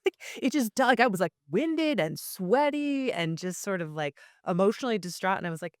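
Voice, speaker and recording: A woman's voice: mid-range voice, animated, brisk, no room sound. Woman actress chatting, lots of "like", laughs a lot, dry close sound. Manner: chatty, many "like" fillers, laughs often. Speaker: actress guest. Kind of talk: casual interview chat.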